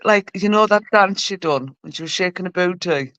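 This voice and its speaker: A woman's voice: fairly low pitch, normal speed, a bit bright, no echo. A woman co-hosting a livestream, greeting viewers and swapping swear-laden gossip. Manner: chatty, greets viewers, curses. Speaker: livestream co-host. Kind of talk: casual gossip chat. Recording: dull dry lo-fi stream audio.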